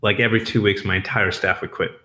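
A chef from New York telling stories in a casual interview, animated and laughing, with frequent restarts. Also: male voice, lowish voice, quick pace.

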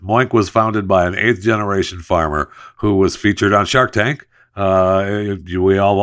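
Low-voiced guy doing a podcast, joking around, chatty host reads. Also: fairly bright tone. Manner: chatty, jokey, drawn-out emphasis. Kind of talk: casual host-read ad and news chat.

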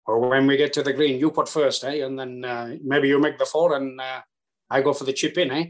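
A man's voice: mid-range voice, fairly even intonation, brisk, lightly acted. A man putting on a Spanish accent to voice a fiery, hot-tempered Spanish golf star who bosses his partner in broken English. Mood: scheming, bossy. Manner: bossy, cocky, clipped broken English with tag "eh?".

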